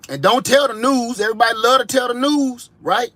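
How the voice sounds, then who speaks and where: Man from Ohio, comic monologue, slangy, animated, higher-pitched voice. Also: a little fast, no room sound. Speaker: vlogger. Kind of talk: comedic monologue.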